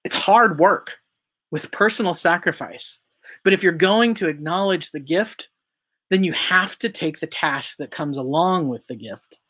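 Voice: mid-range voice, unhurried, fairly bright tone. Pastor preaching, easygoing, lots of questions to the congregation, some ums and restarts. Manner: conversational preaching with rhetorical questions; occasional fillers and self-corrections. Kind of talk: sermon.

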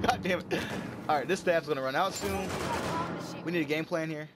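A man giving casual gameplay commentary, excitable and swearing often, yelping when he comes under fire. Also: fairly high pitch, normal speed, very noisy. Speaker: gamer. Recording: game gunfire loud under the voice. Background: gunfire and explosions from the game.

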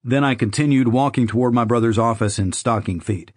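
A man reads a first-person audiobook in a steady, conversational way, at a middle pitch. The recording is dry and close with no room echo. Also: fairly quick, slightly rough. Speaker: audiobook narrator.

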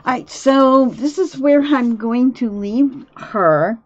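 A woman's voice: sits high, slow pace, highs cut off. A woman giving casual gameplay commentary, thinking aloud about her choices as she plays. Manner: relaxed, thinks aloud while playing. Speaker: gameplay video host. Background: faint game music.

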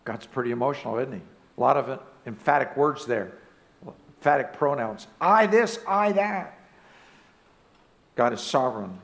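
A man preaching a sermon as pastor of a church. He speaks emphatically and rises now and then to loud exclamations. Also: mid-range voice, fairly quick, vocal fry. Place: church sanctuary.

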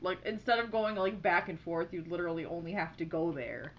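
A woman playing a story game and commenting on it casually, expressive, cursing freely and laughing often. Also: on the low side, brisk, hardly any pauses, highs cut off, slight background noise. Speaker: let's play streamer. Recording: game music playing behind.

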